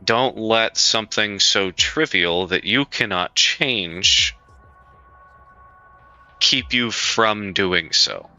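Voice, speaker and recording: Speaking very slowly in a lowish, pushed, bright voice, this man talks to his live chat in a casual, profane, blunt manner, reassuring viewers over and over. Faint music plays beneath the muffled lo-fi stream sound.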